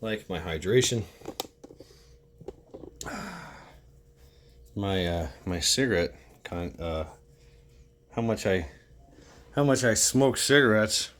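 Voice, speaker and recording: Casual male vlogger, breathless and sweaty, slow rambling delivery with casual swearing, recorded outdoors with noise behind. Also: on the low side, animated. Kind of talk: casual vlog monologue. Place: outdoors, hot day, moving out of an apartment.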